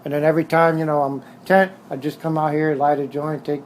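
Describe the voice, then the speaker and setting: Blunt socal guy telling stories at his bike shop, kinda high voice, faint hum behind. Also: little pitch movement, a little fast, poor audio. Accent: Southern Californian. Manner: blunt, streetwise, repeats himself. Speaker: motorcycle shop owner. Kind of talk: casual storytelling interview.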